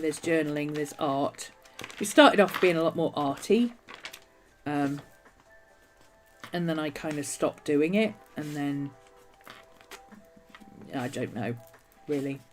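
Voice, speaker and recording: A woman's voice: deep voice, big pitch swings, extremely slow, long pauses, soft background music. A woman hosting a casual journaling vlog, chatting in a meandering way with many restarts while a nagging cough keeps bothering her. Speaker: journaling video host. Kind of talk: casual rambling vlog chat.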